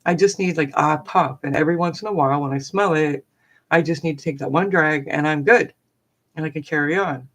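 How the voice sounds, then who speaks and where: A woman's voice: low voice, brisk, a bit bright. A woman putting on the voice of an easygoing older woman she met in the forest, casual and offhand.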